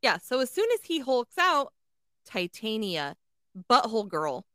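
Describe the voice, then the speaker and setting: A woman's voice: a little high, big pitch swings, a little slow, fairly bright tone, no echo, studio quality. A woman co-hosting a podcast, recapping scenes in blunt, profane, incredulous casual chat. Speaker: podcast co-host.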